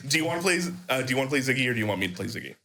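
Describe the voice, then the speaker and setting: A man running a tabletop game as game master, laughing often and talking in a lively way. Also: mid-range voice, very fast, a crowd in the background.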